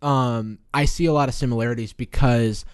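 A man's voice: mid-range voice, steady tone, fairly quick, clear, resonant tone, no echo, studio quality. A man co-hosting a casual chat, reflective and full of fillers. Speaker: podcast co-host.

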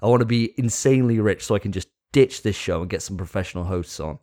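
A man's voice: fairly low pitch, fast talker, a little mellow. A man hosting a casual podcast chat, joking with crude banter. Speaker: podcast host.

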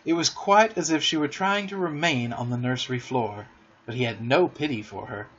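Man, storybook narration, theatrical, husky, dull lo-fi recording. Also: medium pitch, normal speed. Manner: expressive, theatrical.

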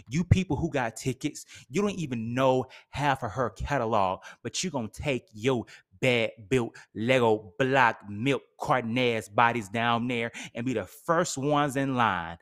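A podcast host delivers a dramatic solo rant at an unhurried pace. He drags out his complaints, piles on sarcastic jabs and sounds exasperated. His pitch sits in a middle range for a man. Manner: theatrical, exasperated ranting with sarcastic asides.

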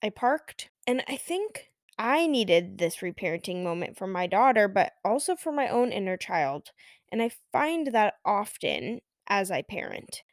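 A woman in her thirties hosting a solo podcast, who tells a parenting story in a calm, measured way with audible sighs. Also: fairly high pitch, no room sound, studio quality. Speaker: podcast host and mother.

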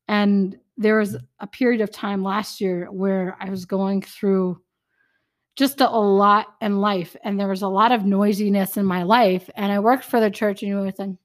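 Young woman, faith podcast co-host, chatty, animated, acts out dialogue. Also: mid-range voice. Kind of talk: casual faith chat.

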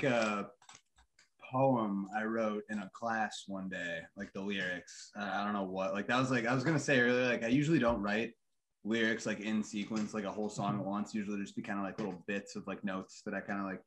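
A man from a band explaining how he writes songs, halting and relaxed, full of filler words. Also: fairly low pitch, a little hiss or hum. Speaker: band member, songwriter. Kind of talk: casual interview chat.

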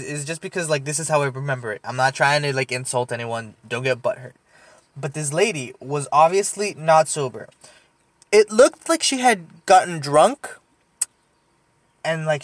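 A man's voice: on the high side, a bit bright, dry recording. A young man telling a long story in casual, rambling chat, full of fillers, swearing and laughs. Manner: rambling, filler-heavy, profane, laughs often. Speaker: podcast storyteller.

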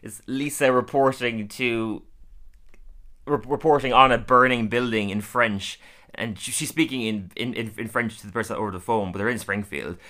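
A man's voice: mid-range voice, steady tone, normal speed, bright, forceful tone. A man casually recapping cartoon episodes for a podcast, laughing often and throwing in lots of fillers. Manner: chatty, laughs often, many fillers, acts out quotes. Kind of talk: casual chat.

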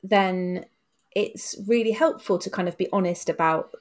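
A woman, co-hosting a podcast as a teacher, chatting in a reflective, animated way. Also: fairly low pitch, normal speed. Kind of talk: casual discussion.

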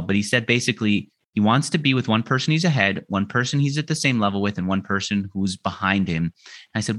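A man who is a podcast guest, telling stories in a conversational way and acting out the dialogue he quotes. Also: medium pitch. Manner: animated, acts out quoted dialogue. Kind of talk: conversational storytelling.

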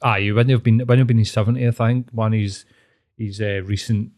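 A man's voice: fairly low pitch, fairly even intonation, fairly quick, a little mellow. Swearing Glaswegian man telling stories. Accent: Glaswegian Scottish. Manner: crude, laid-back storytelling with frequent swearing. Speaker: podcast co-host. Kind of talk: casual podcast chat.

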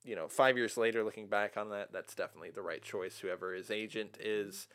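A man hosting a casual movie review podcast, chatty and animated, often laughing as he retells scenes. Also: lowish voice, brisk. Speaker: podcast host. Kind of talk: casual film-review chat.

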